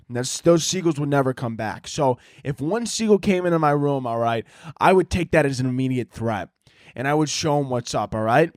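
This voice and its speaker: Male podcast host, high-pitched voice, dry close sound, rambling profane comic rants. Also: lively intonation, fairly quick, no room sound. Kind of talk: comedic rant monologue.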